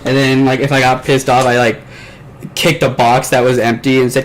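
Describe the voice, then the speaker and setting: A man in casual podcast chat, rambling through a story in a mid-pitched, ordinary voice. He swears freely and trails off with fillers as he goes. A faint hiss of background noise sits behind him. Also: level tone, moderate pace, low-quality recording. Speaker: podcast host. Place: bedroom at home.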